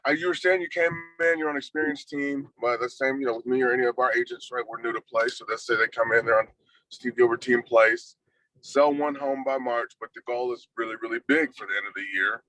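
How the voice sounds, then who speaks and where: Man, audience question, bright forceful voice, friendly, slightly halting. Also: mid-range voice, fairly even intonation, low-quality recording. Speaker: real estate agent asking a question.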